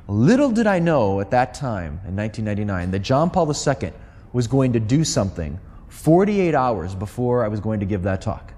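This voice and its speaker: Middle-aged man storytelling in an echoing hall. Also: mid-range voice. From United States. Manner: lively storyteller who acts out quoted voices. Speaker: Catholic speaker. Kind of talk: storytelling talk to a live audience. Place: large hall. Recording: long hall reverb.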